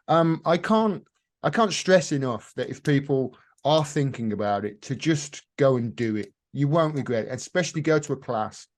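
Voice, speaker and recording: A man's voice: medium pitch, expressive, normal speed. A man hosting a casual interview, talking enthusiastically, often repeating and restarting words. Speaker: host.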